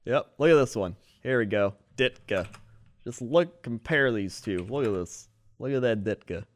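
A man's voice: mid-range voice, animated, moderate pace. A man co-hosting a casual chat, laughing often and slipping into mock voices. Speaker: podcast co-host.

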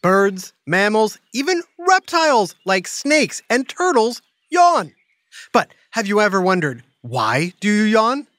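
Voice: mid-range voice, slow, no room sound, clean studio sound. A host of a children's science show, narrating playfully and quizzing the listener with teasing asides and yawns. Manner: animated, teasing quiz-style delivery with yawns and sighs.

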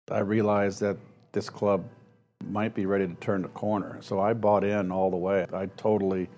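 A low-voiced man in his sixties spins animated stories as an interview guest. He acts out the voices of people he quotes and often breaks into laughter. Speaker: guest, former ballplayer. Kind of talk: storytelling interview.

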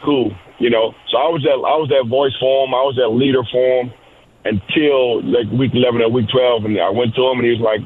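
A man's voice: mid-range voice, brisk, a little hiss or hum. Man on a tinny line, talking easy. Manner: relaxed, repeats words, many "you know"s. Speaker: wide receivers coach, guest. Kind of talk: casual interview answers.

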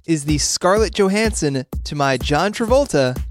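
A man hosting a music podcast, talking quickly and playfully with easy laughs. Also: fairly high pitch, lively intonation. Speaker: podcast host. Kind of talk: casual chat.

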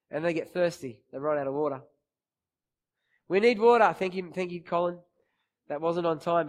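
A man preaching a sermon in a church, retelling a scripture story with quoted lines and rising emphasis. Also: high voice.

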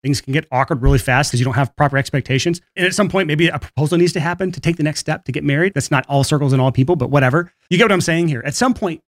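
A man's voice: a little high, racing, few pauses, dry recording, studio quality. A man hosting his own podcast alone, talking casually and laughing briefly between points. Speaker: podcast host. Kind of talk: solo podcast monologue on marketing.

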